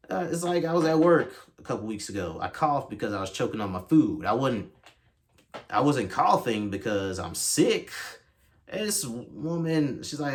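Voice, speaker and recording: A man hosting his own podcast, delivering a casual solo rant that is animated and exasperated, with big jumps in pitch. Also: moderate pace. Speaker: podcast host.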